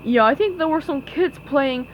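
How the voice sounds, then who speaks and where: A woman's voice: sits high, moderate pace, lo-fi sound, slight background noise, natural voice. A woman voicing an easygoing, laid-back male lobster who talks casually.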